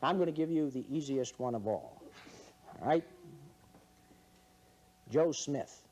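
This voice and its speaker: A man's voice: mid-range voice, expressive, slow, darkish tone. A man hosting a comedy quiz game in front of an audience, teasing the contestants with wry, mock-serious remarks. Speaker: game show host. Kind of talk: joking quiz-show hosting.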